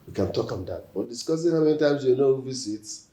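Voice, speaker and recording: A man's voice: mid-range voice, animated, brisk, dark tone, echoey room, close to an everyday voice. An actor with a Nigerian accent playing a self-assured young businessman who speaks in a dismissive, firm way.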